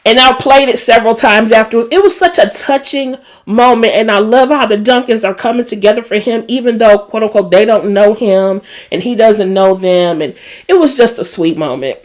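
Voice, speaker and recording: A woman's voice: fairly high pitch, moderate pace. A woman hosting a casual TV episode recap, chatty and emotional, with a Black lilt. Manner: chatty and animated, emotional asides. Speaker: recap host.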